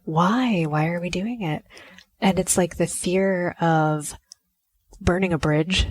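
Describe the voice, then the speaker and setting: A woman's voice: on the low side, slow pace. A woman hosting a podcast, talking in a chatty, reflective way and often acting out quoted lines. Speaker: podcast host. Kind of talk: casual solo podcast talk.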